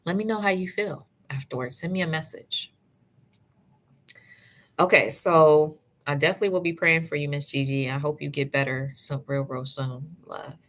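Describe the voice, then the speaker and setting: A woman giving natural hair advice in a casual livestream, breaking off to greet chat viewers by name and calling them sis and love. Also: deep voice. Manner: warm, chatty, answers live chat by name, calls viewers sis and love.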